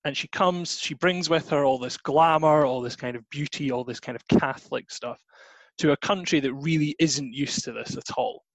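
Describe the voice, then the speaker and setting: A man's voice: a little high, moderate pace, no room sound, poor audio. Scottish man explaining history, dry sound. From Scotland. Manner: chatty, many hedges and fillers. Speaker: guest teacher.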